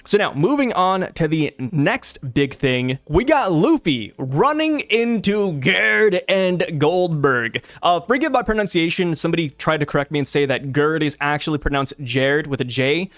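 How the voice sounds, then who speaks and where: A young man giving a casual, excitable chapter breakdown for viewers, chatting fast and asking the audience questions. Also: high voice, no room sound. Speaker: anime and manga commentator.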